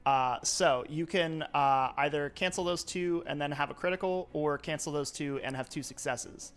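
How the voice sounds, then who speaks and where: A man's voice: fairly high pitch, normal speed, a bit bright, soft background music. A man narrating as game master of a live tabletop role-playing game, talking loosely with many fillers.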